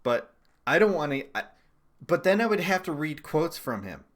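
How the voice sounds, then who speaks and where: A man's voice: a little high, big pitch swings, normal speed, a bit bright. A young man doing casual livestream political commentary: sarcastic, profane, and laughing often.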